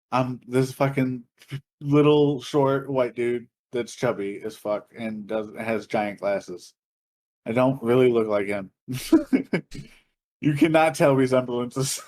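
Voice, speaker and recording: A man co-hosting a podcast, telling a story in casual chat, animated and profane, laughing and acting out other people's voices. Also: medium pitch. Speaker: podcast co-host.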